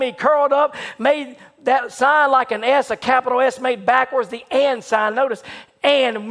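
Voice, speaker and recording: High-voiced man preaching with dramatic swings. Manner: dramatic, rising to excited shouts in retold scenes, dropping to hushed lows. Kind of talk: sermon retelling a story.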